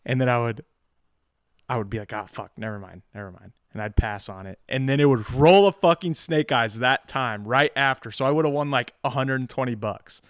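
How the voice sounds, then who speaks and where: Casting: young male co-host, smooth, clean voice, casual and swearing, close dry mic. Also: mid-range voice, moderate pace, no room sound. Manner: profane, self-mocking storytelling. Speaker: podcast co-host. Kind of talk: casual chat.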